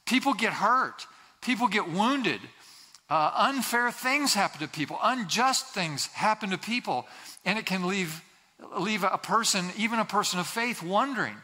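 A man's voice: high voice, expressive, normal speed, pushed and bright. A man preaching a sermon as a pastor, earnest and repeating key phrases for emphasis, sometimes acting out quoted voices. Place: church sanctuary. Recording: long hall reverb.

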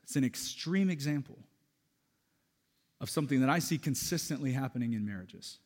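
A man preaching a sermon as pastor, animated and raising his voice to stress a point. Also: medium pitch, normal speed. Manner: animated preaching, voice rising for emphasis. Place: church sanctuary. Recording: church hall reverb.

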